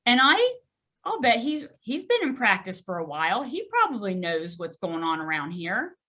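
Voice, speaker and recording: A middle-aged woman speaks as a podcast guest, her voice bright and forward. She tells her story candidly and animatedly, poking fun at herself. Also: medium pitch, moderate pace. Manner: animated, self-deprecating, laughs often.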